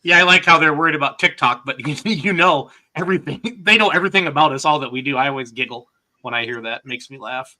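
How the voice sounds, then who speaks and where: A man's voice: fairly high pitch, fast talker, bright, forceful tone. A man hosting a casual podcast, joking and self-deprecating in easy banter.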